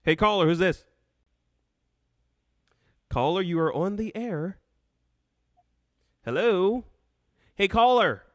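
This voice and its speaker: A man hosting a live call-in show, animated and laughing, often restarting his sentences. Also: sits high, takes it slowly, pauses often, no echo, studio quality. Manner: animated, laughs often, talks over himself.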